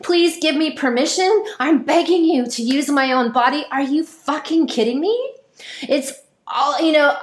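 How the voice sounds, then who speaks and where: A woman in a profane, sarcastic ranting monologue who mocks others in high, whiny voices. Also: reverberant.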